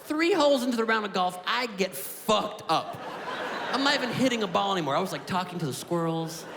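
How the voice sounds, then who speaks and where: Brief: male stand-up in his thirties, high, swooping, neurotic delivery, live hall with laughing crowd. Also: brisk, gravelly, heavy background noise. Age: 30s. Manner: animated, neurotic storytelling with voice swings. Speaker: stand-up comedian. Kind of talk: stand-up comedy set. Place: comedy stage before a live audience.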